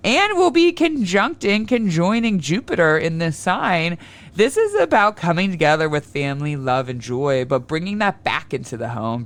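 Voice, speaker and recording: A man's voice: on the high side, smooth. A man hosting a solo astrology podcast, talking in a loose, rambling way and acting out little everyday scenes. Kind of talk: casual solo podcast talk.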